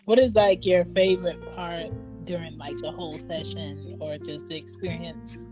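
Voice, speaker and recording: A woman hosting a casual podcast interview, relaxed, putting her questions with many likes and giving short backchannels. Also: lowish voice, normal speed, over music. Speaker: podcast host.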